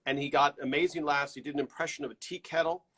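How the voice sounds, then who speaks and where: A man's voice: fairly high pitch, steady tone, quick pace, fairly bright tone. A man hosting a live fan show, chatting casually and greeting viewers one by one on a stream from home through a built-in computer mic.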